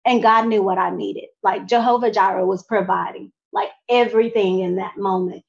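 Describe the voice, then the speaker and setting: A young adult woman telling a personal faith testimony in an animated way, talking straight to her audience. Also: medium pitch, normal speed, gravelly, muffled recording. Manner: animated, addresses audience directly. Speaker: speaker sharing a testimony.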